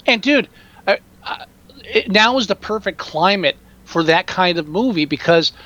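A man chatting casually about movies, excitable and swearing freely. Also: sits high, moderate pace, dull audio.

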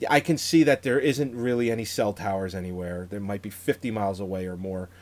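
A man's voice: lowish voice, fairly quick. Easygoing man chatting about films. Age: 30s. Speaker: podcast co-host. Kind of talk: casual movie review chat.

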